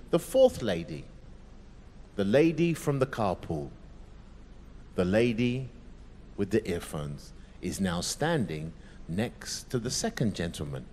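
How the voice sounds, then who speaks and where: A male pastor telling a story in a sermon, dramatic and vivid, dropping to a hush at moments. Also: mid-range voice, sing-song, takes it slowly. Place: large church. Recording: echoey church hall.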